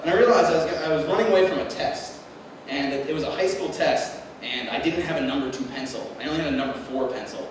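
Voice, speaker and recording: A young man doing rambling stand-up on a small club stage, his slightly high voice caught from across an echoey room. He keeps tripping over his words and chuckling at his own punchlines, with a steady hiss of noise under everything. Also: fast talker. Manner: rambling, self-deprecating, laughs at own jokes. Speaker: stand-up comedian. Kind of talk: open-mic stand-up comedy. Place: small club with live audience. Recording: echoey room recorded from a distance, noisy.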